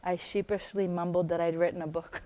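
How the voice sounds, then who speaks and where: A woman's voice: fairly low pitch, level tone, normal speed, mellow. An American woman reading aloud from her own book, breaking off often into chatty asides and laughing as she goes. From United States.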